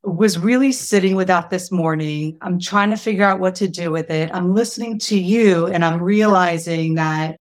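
Woman in a Q&A, earnest, stops and restarts, lower-pitched voice. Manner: earnest, halting, searches for words. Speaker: audience member asking a question. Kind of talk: casual conversation.

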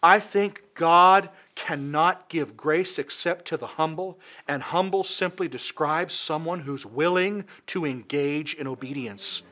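A male preacher delivering a sermon in a high, ringing voice. He hammers his points home with emphatic repetition. His delivery is impassioned throughout. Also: unhurried, hardly any pauses, pushed and bright.

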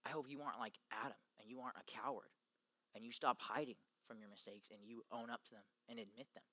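A young man giving an earnest, emphatic youth talk to junior high boys, acting out the quotes he gives. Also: pushed and bright, no room sound. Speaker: youth ministry speaker.

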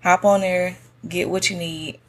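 A woman hosting a solo podcast in a soft, monotone voice, chatting casually with slang and lots of fillers. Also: on the low side, measured pace. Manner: relaxed, slangy, many fillers. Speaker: podcast host. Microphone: podcast mic on a stand.

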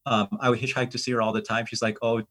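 In a racing mid-range voice, a middle-aged American guest rambles through his travel stories. The chat is casual and lively, cluttered with fillers and frequent restarts.

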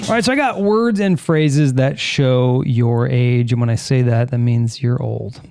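Gravelly joking male podcast host. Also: mid-range voice, a little slow, over music. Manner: joking, teasing, reading listener comments. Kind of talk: casual podcast chat.

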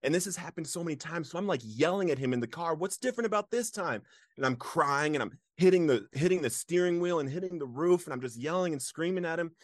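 A man's voice: on the high side, quick pace, few pauses, no room sound, studio quality. A man as an interview guest, sharing a personal story earnestly and emotionally, breaking into laughs now and then. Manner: earnest, laughs often, animated when reliving moments.

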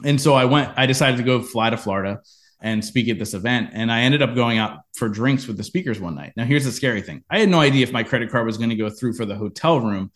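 A man in a podcast interview, telling a personal business story with lively acted-out quotes. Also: mid-range voice, fast talker. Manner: animated storyteller, acts out quoted lines. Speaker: podcast guest, entrepreneur.

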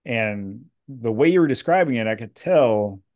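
A man hosting an interview podcast, praising his guest with halting restarts. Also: mid-range voice, animated, darkish tone. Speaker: podcast host. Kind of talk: interview chat.

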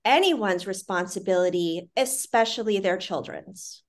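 A woman's voice: medium pitch, unhurried. A woman speaking as an interview guest, earnest and reflective, with the odd "like" and "you know". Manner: earnest, reflective, with frequent fillers. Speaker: parenting institute CEO, guest. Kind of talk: conversational interview.

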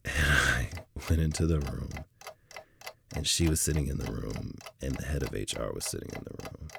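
A man's voice: rumbling low, moderate pace, gravelly, noisy background. A middle-aged man hosting a podcast, telling a personal story in a reflective, candid way with frequent restarts. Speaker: podcast host. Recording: music bed playing underneath.

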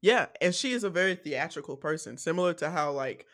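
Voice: mid-range voice, lively intonation, fairly quick, fairly bright tone. A podcast co-host talking casually and candidly about a film, with many fillers and laughs. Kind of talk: casual film review chat.

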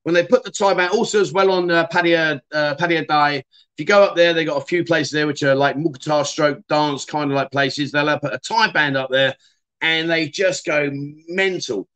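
A man's voice: fairly high pitch, normal speed, a bit bright. A middle-aged man, hosting a casual livestream and chatting loosely with many fillers and restarts. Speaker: livestream host.

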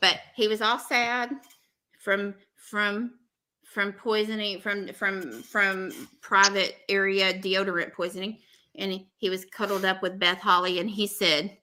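Chatty, bright-voiced woman podcast host. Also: mid-range voice, level tone, measured pace. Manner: rambling, filler-heavy, gossipy. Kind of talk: casual podcast chat.

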